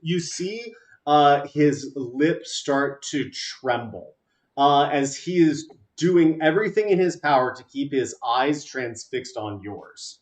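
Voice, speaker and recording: A man narrating as game master of a tabletop game, halting and full of filler sounds. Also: fairly high pitch, lively intonation.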